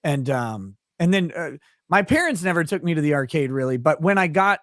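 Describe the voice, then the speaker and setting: A man's voice: fairly high pitch, sing-song, a little fast, fairly bright tone, no echo, clean studio sound. A man hosting a casual chat with friends, telling rambling, profane stories about family and childhood. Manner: rambling storyteller, loose and profane. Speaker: host.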